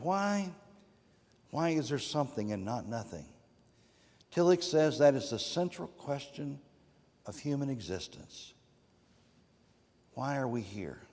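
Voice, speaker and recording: A man preaching a sermon as a guest preacher, with sweeping rises and drops in pitch and loudness. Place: church sanctuary. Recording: long reverb of a church sanctuary.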